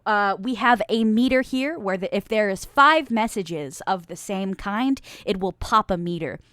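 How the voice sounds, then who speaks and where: Woman streamer, from the West Coast, playful and giggly, middle pitch, dry close sound. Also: expressive, unhurried, fairly bright tone, dry recording. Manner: playful and giggly, laughs often; chatty with frequent fillers and restarts. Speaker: streamer host. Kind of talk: casual live-stream chat, reading chat messages.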